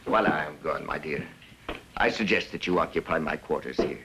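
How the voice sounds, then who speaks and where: An actor playing a middle-aged garrison commander in 1950s TV drama style, measured and tender toward his wife. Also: extremely low pitch, noisy background.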